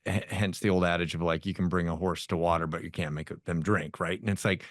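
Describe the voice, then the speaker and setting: A man hosting a podcast interview, chatting in an animated, conversational way and laughing easily. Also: low voice, fast, no room sound, clean studio sound. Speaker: podcast host. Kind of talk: casual interview chat.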